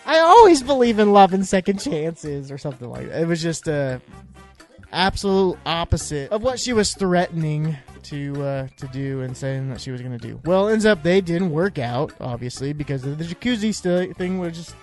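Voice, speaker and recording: A man chats casually in a fairly high voice, rambling and joking his way through a recap. He keeps restarting his sentences and filling gaps with "uh". Faint music plays underneath. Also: lively intonation, normal speed. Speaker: podcast host.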